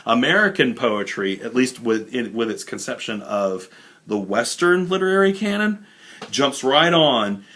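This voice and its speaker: A man's voice: mid-range voice, expressive, unhurried, a bit bright. A young adult man teaching a recorded college literature lesson in a loose, informal way, with many fillers and asides. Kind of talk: casual recorded lecture.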